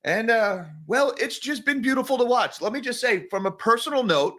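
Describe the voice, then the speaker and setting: A man giving casual, rambling solo commentary on markets, sarcastic, with animated asides. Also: very high voice, moderate pace. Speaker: finance commentator.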